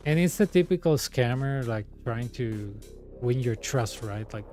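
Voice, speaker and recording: A man's voice: medium pitch, animated, unhurried, warm tone, soft background music. A man whose first language is Spanish, chatting casually and rambling through stories with many restarts while streaming a game. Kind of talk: casual chat while gaming.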